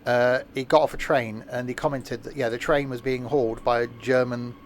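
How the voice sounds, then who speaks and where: A man's voice: medium pitch, flat delivery, fairly quick, hardly any pauses, slight background noise. A man streaming a train simulator, rambling and self-mocking, with many fillers. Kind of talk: live gameplay commentary.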